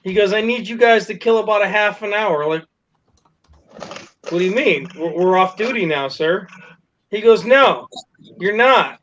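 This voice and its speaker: A man's voice: high-pitched, normal speed, pauses often, a bit bright. A man telling a story casually to friends, laughing, swearing and acting out the quotes. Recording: dull lo-fi recording with faint noise.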